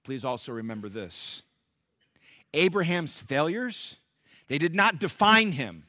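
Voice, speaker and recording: Middle-aged preacher man, bright dry voice. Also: mid-range voice, animated, dry recording. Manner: preacherly, swings from loud emphatic peaks to hushed intimate asides; acts out biblical characters in quick voices. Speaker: pastor. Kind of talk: sermon.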